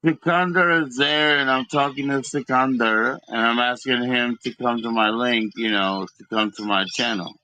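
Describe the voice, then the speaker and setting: A man's voice: mid-range voice, normal speed, few pauses, pushed and bright, dry recording. A man live-streaming in casual chat, teasing and chatty as he invites viewers to join him.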